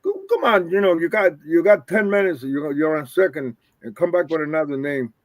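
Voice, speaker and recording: A man's voice: on the high side, brisk, dry recording, natural voice. An older man quoting an impatient, bossy wrestling promoter in a raised voice.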